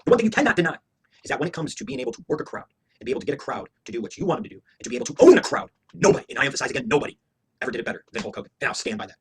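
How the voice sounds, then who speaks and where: A man's voice: a little high, big pitch swings, racing, vocal fry, a little hiss or hum. A man giving a heated, profane, opinionated review rant as a wrestling show reviewer, hammering his points with emphatic repetition.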